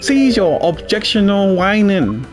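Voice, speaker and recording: A man's voice: sits high, very animated, unhurried, faint music behind, voice pushed up. A man voicing an arrogant, domineering male president in a video game, reading his lines with imperious scorn. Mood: scornful. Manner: imperious, scornful, barking commands. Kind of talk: reading game dialogue aloud on a stream.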